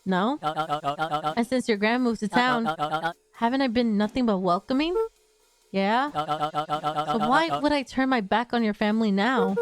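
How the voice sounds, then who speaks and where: A woman streamer voicing Mister Tolliver, a sly middle-aged man who talks in a coaxing, falsely friendly way. Soft music plays behind. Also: unhurried, pauses often, lightly acted. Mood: persuasive. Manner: coaxing, falsely friendly, drops low to sound ominous. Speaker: streamer reading an interactive story.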